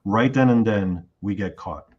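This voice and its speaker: Low-voiced man telling a vivid story. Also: measured pace, lo-fi sound. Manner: animated retelling of a dream, acting out his own lines. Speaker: interview guest. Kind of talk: casual storytelling.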